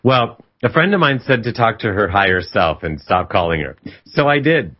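A man's voice: lowish voice, very animated, normal speed. A man casually telling a story in an emphatic, reflective way, often retelling a conversation. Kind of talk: casual spoken storytelling monologue. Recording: slightly dull lo-fi recording.

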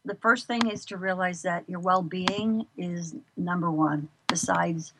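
Gravelly-voiced middle-aged woman, expressive. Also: fairly low pitch, unhurried, slight background noise. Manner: animated, expressive storyteller. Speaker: guest. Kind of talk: casual interview chat.

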